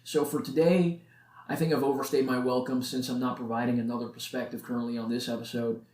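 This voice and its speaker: A man's voice: medium pitch, flat delivery, quick pace, darkish tone, slight background noise. A nineteen-year-old man hosting a solo podcast, talking in a casual, earnest, motivational way. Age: late teens. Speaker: podcast host. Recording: echoey room.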